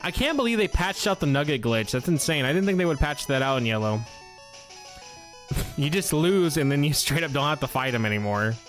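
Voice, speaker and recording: A man's voice: a little high, expressive, fairly quick, a bit bright, soft background music. A young man streaming a game, chatting casually and telling a long, profane, rambling story to his viewers. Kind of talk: casual live-stream chat over gameplay.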